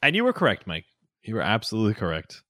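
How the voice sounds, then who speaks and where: Bright, lively man. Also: fairly low pitch, quick pace, dry recording, studio quality. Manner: expressive, laughing, acting out his child. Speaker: podcast co-host. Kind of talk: casual chat.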